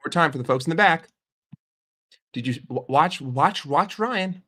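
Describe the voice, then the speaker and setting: American male football fan ranting, heated and sweary, slightly higher voice. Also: lively intonation, measured pace, pushed and bright. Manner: profane, heated, emphatic repetition. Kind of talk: casual reaction rant.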